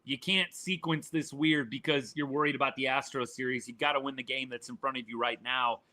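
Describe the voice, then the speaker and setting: A man's voice: medium pitch, fairly even intonation, brisk, sharp tone. A man hosting a live sports reaction stream, talking to his chat in a fired-up, exasperated way and repeating his points.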